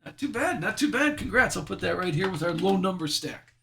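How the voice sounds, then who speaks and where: A man's voice: sits high, sing-song, fairly quick, creaky, pushed and bright, a little hiss or hum. A man hosting a live sports card break, chatty and self-deprecating as he reads out each card he pulls.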